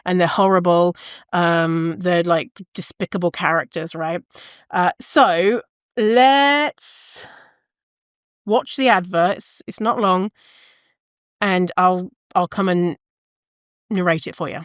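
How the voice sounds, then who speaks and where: A woman's voice: fairly low pitch, takes it slowly, pauses often, clear, resonant tone, no room sound. Frank woman podcaster, dry sound. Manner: frank, blunt and sarcastic, with casual swearing. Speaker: podcast host. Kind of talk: casual commentary describing media.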